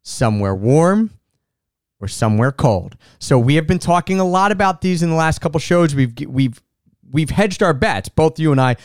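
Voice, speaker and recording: A man hosting a casual travel podcast, chatty and upbeat, with quick restarts, recorded at home. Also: on the high side, animated, no room sound, studio quality. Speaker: podcast host. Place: home room.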